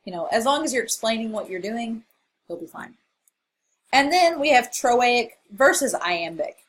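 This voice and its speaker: A woman's voice: fairly high pitch, expressive, moderate pace, poor audio. A woman college English instructor giving a recorded lecture over slides, explaining in a casual way with frequent fillers.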